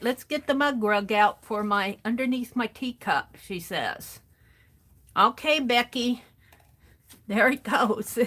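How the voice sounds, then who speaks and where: A woman's voice: a little high, bright, forceful tone. A woman hosting a craft livestream, chatting casually and thinking aloud as she sorts supplies at her home craft desk, greeting viewers by name. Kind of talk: casual chat while sorting craft supplies.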